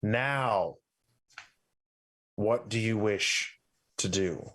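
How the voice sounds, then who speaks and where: A man acting as game master, slowly describing a scene with fillers as he goes. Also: on the low side, a bit bright. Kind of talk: narrating a tabletop game.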